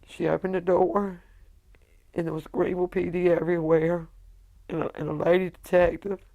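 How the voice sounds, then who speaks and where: A middle-aged woman, a widow giving emotional personal testimony in a halting way, full of quoted dialogue. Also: fairly low pitch, flat delivery, warm tone, highs cut off. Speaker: widow telling her story.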